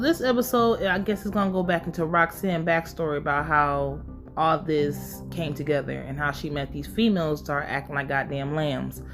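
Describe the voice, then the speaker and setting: A woman giving a casual, blunt and profane recap of a TV episode, full of her own opinions. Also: low-pitched. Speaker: show recap host.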